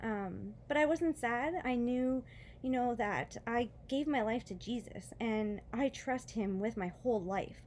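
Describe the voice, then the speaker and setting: This mom speaks at a measured pace, her voice a little high and slightly mellow, over faint background noise. She's a vlogger giving a casual personal testimony about faith following her foot surgery, chatty and sincere despite the pain, laughing briefly and using many fillers.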